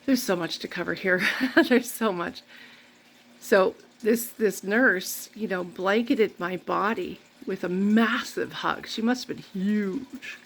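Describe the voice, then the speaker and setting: A woman's voice: medium pitch, takes it slowly. A woman vlogging, telling a rambling, candid personal story full of faith talk. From Canada.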